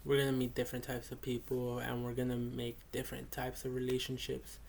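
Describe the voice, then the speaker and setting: A man's voice: mid-range voice, completely flat delivery, fairly quick, gravelly, darkish tone. A young man giving a casual spoken reflection, rambling with many fillers and restarts. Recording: faint background noise.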